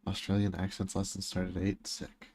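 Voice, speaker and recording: A man's voice: low voice, completely flat delivery, moderate pace, a little mellow. A man streaming a game, chatting casually with viewers and making dry, teasing jokes. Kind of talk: casual chat with viewers while gaming.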